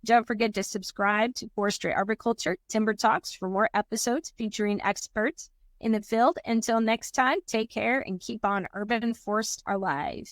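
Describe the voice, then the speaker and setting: A woman's voice: a little high, fairly even intonation, moderate pace, no echo. A woman hosting a podcast from the United States, closing an interview in a polite, upbeat, formal way. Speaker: podcast host. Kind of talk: scripted interview wrap-up.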